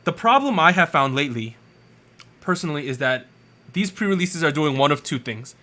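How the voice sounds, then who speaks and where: Bright-voiced man chatting casually. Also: fairly high pitch. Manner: quick, animated, jokey opinions. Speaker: podcast co-host. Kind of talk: casual chat.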